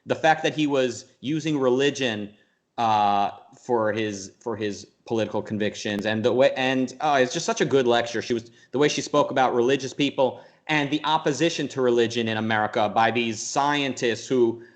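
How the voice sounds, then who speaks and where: A man being interviewed, speaking at an average pitch in a loose, rambling way. He restarts his sentences often and jumps into quick mock voices to make a point. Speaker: interview guest. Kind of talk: casual conversational interview.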